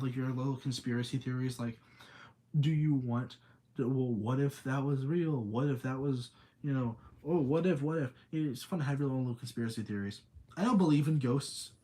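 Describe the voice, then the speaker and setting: A man's voice: medium pitch, warm tone. A young man rambling through a casual spooky story on a livestream, reading chat aloud between thoughts. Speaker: streamer.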